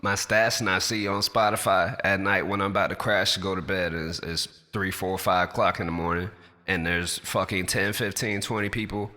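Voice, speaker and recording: Forceful deep-voiced rapper ranting. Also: male voice, fairly even intonation, moderate pace, long reverb tail. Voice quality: naturally deep everyday voice. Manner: passionate, blunt and profane. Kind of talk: direct-to-camera rant.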